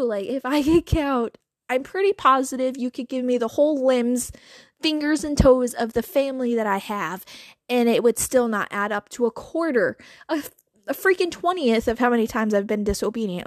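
A woman hosting a podcast, talking in a chatty, animated way with lots of filler words and little laughs. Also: a little high, dry recording, studio quality. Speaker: podcast host. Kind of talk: casual monologue.

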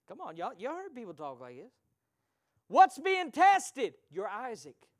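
A man preaching a sermon to his congregation, moving between hushed whispers and shouted peaks and calling out to the listeners directly. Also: high voice, very animated, a little slow, dry recording. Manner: call-and-response preaching, addresses congregation directly.

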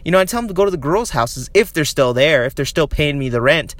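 A man telling a long personal story in a casual, rambling way, with many "you know"s, chuckles and throat-clearing. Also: on the high side, lively intonation, fast, a bit bright, dry recording. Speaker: guest recounting his experience.

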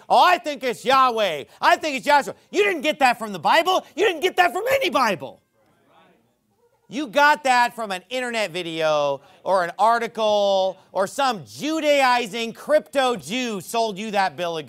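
A man preaching a sermon in a church auditorium, forceful and combative, often building to loud emphasis. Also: very high-pitched. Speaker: pastor.

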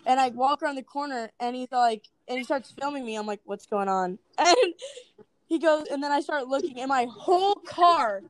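A woman's voice: sits high, expressive, moderate pace, rough recording. A young woman being interviewed, telling stories in a chatty way, often laughing and acting out what people said. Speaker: interviewee, video creator. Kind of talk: casual interview storytelling.

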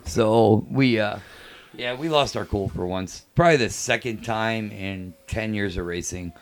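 Guest: race car driver, man, deep and dry, measured delivery. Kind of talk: casual podcast chat.

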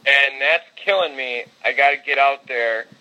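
A man co-hosting a podcast, telling sports stories in casual chat, excitable and swearing now and then. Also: mid-range voice, moderate pace, lo-fi sound. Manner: storytelling, swearing, excitable when reliving games. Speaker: podcast co-host.

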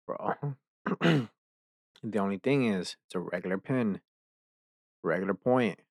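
Young male podcast host, slow-talking, profane and exasperated, dry close sound. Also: lowish voice, dry recording. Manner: profane, ranting, easily exasperated. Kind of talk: casual chat.

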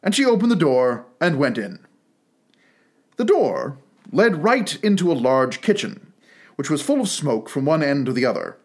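A man reading a classic storybook aloud with expressive, animated storytelling. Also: on the high side, normal speed. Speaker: narrator.

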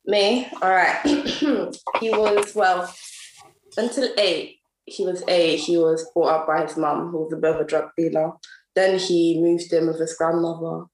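A young woman, a guest in a casual podcast chat, telling a story in a relaxed, hesitant way. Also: fairly low pitch, unhurried, reverberant, slight background noise, rough recording.

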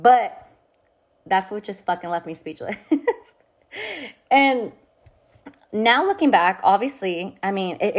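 A young woman speaking frankly and casually, as if confiding in friends. Her voice sits at an ordinary middle pitch, and her talk is loose and full of fillers. She tells her story with blunt, unfiltered candor. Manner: casual and frank, heavy swearing, filler-laden. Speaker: vlogger. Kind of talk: candid personal storytelling.

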